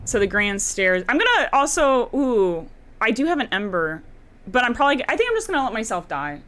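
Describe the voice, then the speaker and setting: A woman's voice: fairly high pitch, brisk, a little hiss or hum. A young woman streaming a game live, chatting with her viewers and breaking into laughs and shrieks. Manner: giggly, excitable, shrieks at danger. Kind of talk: live gameplay commentary with chat.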